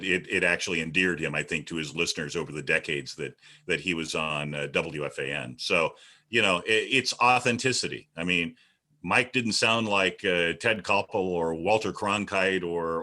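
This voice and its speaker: Veteran male radio host, deep and bright, projecting strongly. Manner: projecting, booming delivery. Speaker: radio broadcaster. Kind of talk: panel discussion over video call.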